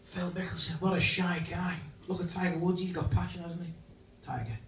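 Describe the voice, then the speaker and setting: A man's voice: high-pitched, fairly quick. A man doing live stand-up at an event, cheekily teasing the crowd and jumping between voices. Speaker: comedian and impressionist. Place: large function room, indoors. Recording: echoey hall from far off, faint noise.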